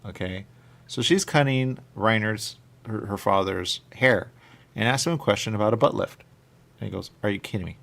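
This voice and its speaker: A man's voice: fairly low pitch, normal speed, creaky, a bit bright. A man hosting a radio talk show, rambling casually and thinking aloud with lots of questions.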